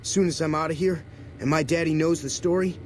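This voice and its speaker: An actor playing a spoiled, brash young rancher's son with rough rural speech in a video game. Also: male voice, a little high, steady tone, a little fast, a little mellow, slight background noise, lightly acted.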